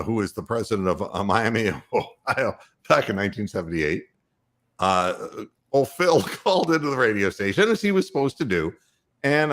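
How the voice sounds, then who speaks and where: An older man hosting a talk show, telling a story with big, lively leaps in pitch. He laughs often and drives the tale hard. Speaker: radio host.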